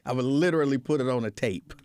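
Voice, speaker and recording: A man hosting a casual livestream show, telling a story in an animated way, laughing often and acting out scenes. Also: mid-range voice, fast, no room sound. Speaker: show host.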